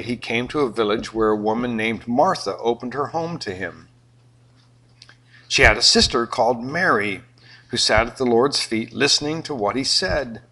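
An older man with a Southern US accent preaching a sermon, animated and joking with his congregation. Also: mid-range voice, slight background noise, low-quality recording. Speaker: pastor.

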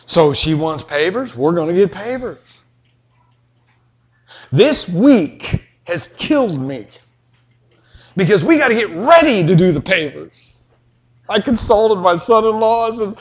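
A middle-aged preacher with a fairly high voice, telling homey stories and jokes to his congregation. He swings between soft asides and animated, emphatic preaching. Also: measured pace. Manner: folksy, joking, animated storytelling. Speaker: pastor. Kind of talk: sermon.

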